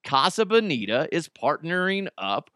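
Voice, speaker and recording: Lively, joking male podcast host. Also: on the high side, moderate pace, dry recording, clean studio sound. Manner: jokey, profane, riffing, reads live ad. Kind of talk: casual solo podcast talk.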